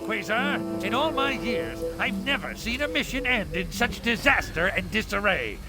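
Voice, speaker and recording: A man's voice: high-pitched, big pitch swings, moderate pace, poor audio. An actor playing a stern male commander in a video game who dismissively scolds a pilot for a failed mission. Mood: reproachful. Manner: reproachful, dismissive. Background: game music.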